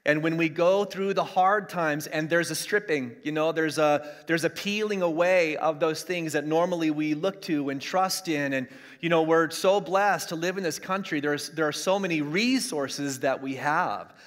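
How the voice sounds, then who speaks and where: A middle-aged pastor preaches in a fairly high voice at a normal speed, streaming the service online from his church. He is emphatic, repeating key lines to drive his points home, and a long hall reverb fills the recording.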